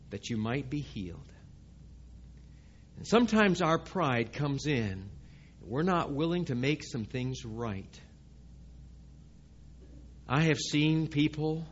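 A man's voice: mid-range voice, highs cut off, slight background noise. A man preaching a sermon to his congregation in a church, speaking conversationally and often asking the listeners questions. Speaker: pastor. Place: church sanctuary.

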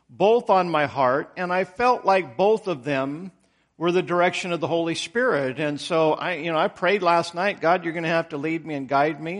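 A man who pastors a church, telling jokes and then preaching a sermon in a halting, reflective way. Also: on the high side, a bit bright.

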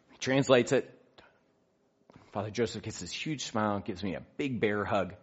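A man telling a personal story in an animated way, acting out the quotes. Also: lowish voice, normal speed, slightly rough. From United States. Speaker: speaker sharing a faith story. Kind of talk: storytelling talk. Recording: dull lo-fi recording.

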